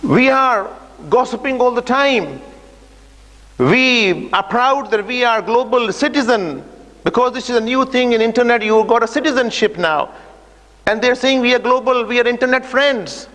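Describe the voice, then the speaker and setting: A man delivers a storytelling lecture, describing an imagined journey and voicing the people he meets. His voice sits fairly high for a man, and he talks with frequent fillers. The long reverb of a large hall carries each phrase. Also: moderate pace, a bit bright. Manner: imaginative journey narrative, acting out dialogue with hesitant fillers. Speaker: speaker giving an Islamic talk. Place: mosque or community centre hall.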